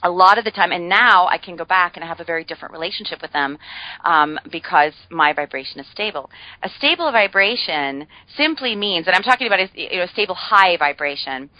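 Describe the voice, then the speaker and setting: A woman's voice: lowish voice, expressive, brisk, pushed and bright, no room sound, low-quality recording. A woman guest on a podcast, explaining ideas in a chatty way with frequent fillers and playful humor. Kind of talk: casual podcast conversation.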